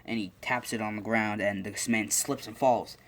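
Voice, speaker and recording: A man's voice: fairly low pitch, fairly even intonation, moderate pace. A young man casually making up and telling a fan-fiction story, rambling with lots of fillers and restarts.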